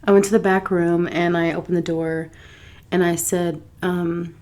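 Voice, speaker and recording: A woman from Texas telling a story time while she eats, chatty and animated, quoting dialogue with soft asides about her food. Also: on the low side, measured pace, a little hiss or hum. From Texas, USA. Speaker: food vlogger.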